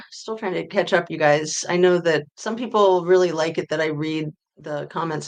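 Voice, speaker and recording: Lady host chatting thru a livestream, reads comments out, kinda low voice, trails off soft at the end of lines. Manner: chatty, reads viewer comments aloud and answers them; voice often drops off quietly at phrase ends. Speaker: true-crime livestream host. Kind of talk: casual livestream chat.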